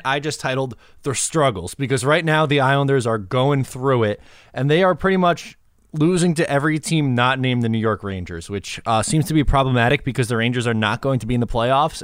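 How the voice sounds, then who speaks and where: A man hosting a casual sports podcast, relaxed and conversational, laughing easily. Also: medium pitch, clean tone, no echo, clean studio sound. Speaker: podcast host.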